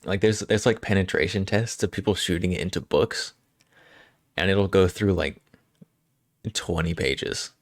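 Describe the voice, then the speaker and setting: A man streaming live, chatting casually with frequent chuckles and halting restarts as he rambles. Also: sits low, steady tone, dry recording, clean studio sound.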